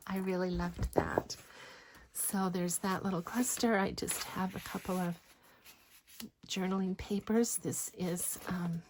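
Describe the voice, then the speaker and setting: Woman, gentle craft flip-through narration, unhurried, breathy half-whisper, faint background noise. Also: fairly low pitch, steady tone. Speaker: craft designer showing a journal.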